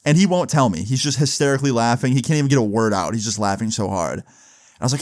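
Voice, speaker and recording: A man's voice: mid-range voice, fast, dry recording, clean studio sound. A young man telling a casual, rambling story about a party, full of "like" and "bro" fillers. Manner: rambling, slangy, lots of "like" and "bro".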